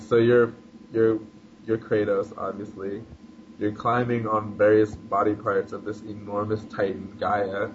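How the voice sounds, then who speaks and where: Low-voiced man on a noisy lo-fi line. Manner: enthusiastic, describes things at length. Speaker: podcast guest. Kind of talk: casual podcast chat. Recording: dull lo-fi line with background noise.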